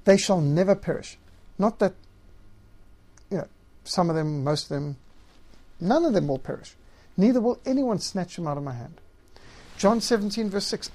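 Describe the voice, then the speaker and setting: A man's voice: high voice, a little mellow. A man teaching systematic theology, reading scripture passages aloud and stressing key words. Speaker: Bible teacher.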